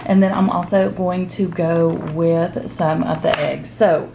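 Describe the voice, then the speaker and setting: A woman's voice: fairly low pitch, fairly even intonation, measured pace, vocal fry, mellow, a little hiss or hum. A woman in her forties talking candidly and heartfelt to her viewers in a personal vlog, direct and openly emotional at times, later cooking in her home kitchen. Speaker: keto vlogger.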